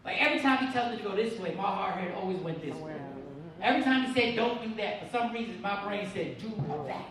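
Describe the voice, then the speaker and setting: High-voiced man doing stand-up, echoey. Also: fast. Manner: animated, slangy, acts out voices in his stories. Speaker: stand-up comedian. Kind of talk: stand-up comedy storytelling. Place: live event hall. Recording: echoey room from far off with loud crowd.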